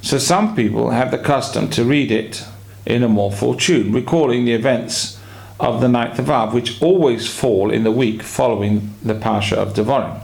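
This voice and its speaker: A rabbi giving a weekly sermon, explaining his points in a measured way with drawn-out pauses. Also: medium pitch, creaky, darkish tone.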